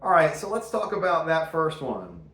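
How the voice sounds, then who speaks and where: A man teaches jazz guitar casually and chattily, slipping punny jokes and playful asides between the examples. His voice is a little high and sing-song, at a moderate pace. The sound is roomy, and the guitar playing is loud.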